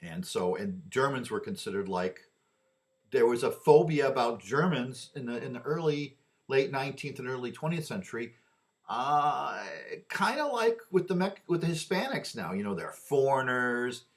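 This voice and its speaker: A man delivering a rambling opinion monologue, often repeating and restarting his words. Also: mid-range voice.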